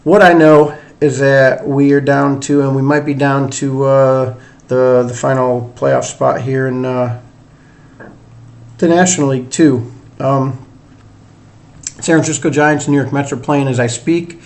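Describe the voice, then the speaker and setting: With an unhurried pace and a medium pitch that barely shifts, this middle-aged man hosts a solo sports podcast. His voice is slightly mellow with some vocal fry, his accent mixes Northern US and Southern drawl, and his style is loose, chatty, rambling, and self-deprecating.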